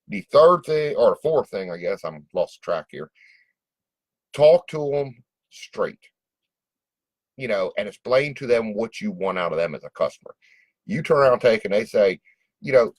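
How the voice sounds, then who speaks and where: A man's voice: medium pitch, expressive, normal speed, no room sound, rough recording. A man giving casual, direct business advice and acting out customer phone calls in a folksy way. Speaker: small business coach.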